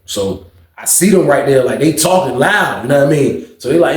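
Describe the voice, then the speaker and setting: A man's voice: medium pitch, fairly quick, echoey room. A man telling a story casually and profanely, acting out the people in it. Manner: animated, profane, acts out quotes. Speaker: storyteller host.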